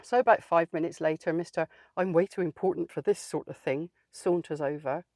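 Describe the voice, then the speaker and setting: A woman plays a feisty, outspoken older lady, telling a comic story in a dry, plain-spoken, sardonic and wry manner. Her voice is fairly low and darkish, fairly quick, in a dry recording.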